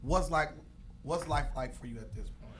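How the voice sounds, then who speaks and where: A man's voice: on the high side, normal speed, fairly bright tone. A man hosting a podcast, putting easygoing questions to his guest and cutting in with short affirmations. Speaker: podcast host. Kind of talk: casual interview.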